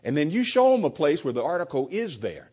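Man, preacher, sermon-style Bible teaching, husky voice, slightly high, conversational, muffled recording. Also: sing-song, a little fast, warm tone. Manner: conversational, repeats words, acts out both sides of an exchange.

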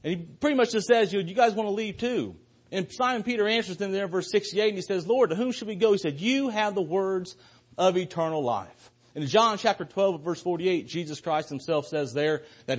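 A man's voice: a little high, breathy edge. A man preaching a sermon to a church congregation as a visiting speaker, earnest and building to fervent emphasis.

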